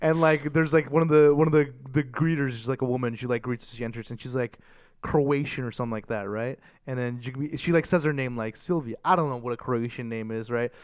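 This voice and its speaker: A man's voice: mid-range voice, fairly even intonation, brisk, clear, resonant tone, no echo. A man hosting a podcast, asking questions in a casual chat with joking, playful banter. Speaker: podcast host.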